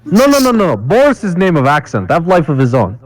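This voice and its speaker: A man's voice: on the high side, wildly swooping pitch, fast talker, voice pushed up, low-quality recording. A man voicing Boris, a boastful man with a put-on Russian accent and broken grammar, during tabletop game banter. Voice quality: broken grammar, dropped articles.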